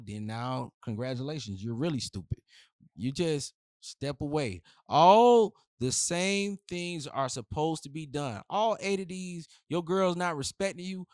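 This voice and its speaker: A man's voice: on the high side, no room sound, studio quality. Blunt slangy man giving dating advice. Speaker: relationship advice host. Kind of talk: casual advice monologue.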